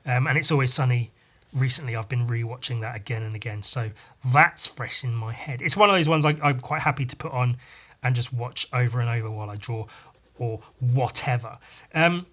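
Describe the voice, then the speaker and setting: A man's voice: mid-range voice, fairly quick, a bit bright. Rambling man musing on a solo podcast. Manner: rambling and hesitant, with frequent ums and restarts; laid-back and self-deprecating. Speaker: podcast host. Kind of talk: casual solo podcast monologue.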